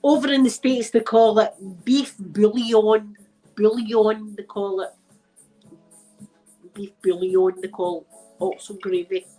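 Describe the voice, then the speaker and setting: A Scottish woman chatting loosely with her livestream viewers, rambling from one thing to the next and swearing without a second thought. Her voice sits at an ordinary middle pitch, a little stuffy from a blocked nose. Soft music plays quietly behind her. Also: steady tone, takes it slowly, pauses often, poor audio. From Scotland. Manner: chatty, rambling, swears casually, laughs often. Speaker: ASMR channel host. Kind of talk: casual livestream chat, answering viewers. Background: faint music playing.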